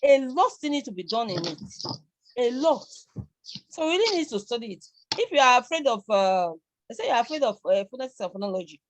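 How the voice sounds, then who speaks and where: A woman's voice: on the high side, big pitch swings, fairly quick, a little hiss or hum. A middle-aged Nigerian woman lecturing a live class, emphatic and questioning, often repeating herself. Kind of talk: live online class discussion.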